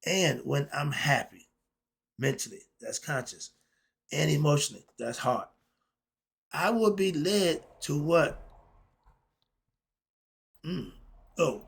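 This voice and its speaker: Male host, casual monologue; husky, gravelly delivery, drawn-out stresses, punchy rhetorical questions. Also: mid-range voice, a bit bright. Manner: emphatic, asks himself rhetorical questions and answers them. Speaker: host of his own online channel.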